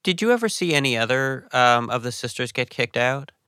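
A man's voice: medium pitch, animated, brisk, bright, forceful tone, smooth, dry recording. A man hosting and narrating a documentary podcast in a dry, wry way, and asking the interview questions. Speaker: host and narrator.

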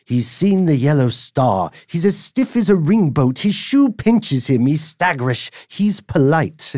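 Man playing a bouncy old-fashioned English gent, lively lilt, mellow tone. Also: fairly high pitch, unhurried, no room sound, studio quality, voice pushed up. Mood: jaunty. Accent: English, put on. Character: jaunty old-time Englishman reciting slang.

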